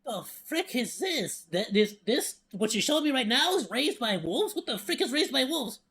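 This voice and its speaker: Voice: high voice, normal speed. A VTuber streamer giving casual reaction commentary, playful and laughing, rambling with frequent stammers and restarts. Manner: playful, animated.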